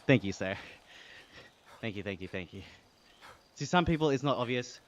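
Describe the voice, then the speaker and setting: Chill aussie guy on a live stream, chatty and laughing, average pitch, bit of hiss behind. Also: normal speed, muffled recording. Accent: Australian. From Australia. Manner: relaxed, chatty, reads chat aloud with frequent laughs. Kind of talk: casual live-stream chat while cycling.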